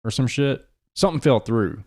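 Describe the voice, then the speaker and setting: A man hosting a casual podcast chat, talking in a brash, profane and excitable way. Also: medium pitch, normal speed. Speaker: podcast host and drummer.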